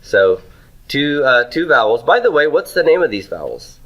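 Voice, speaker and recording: A man's voice: mid-range voice, very animated, normal speed, fairly bright tone, low-quality recording. A man teaching Hebrew grammar in a classroom lecture, asking questions and answering them himself.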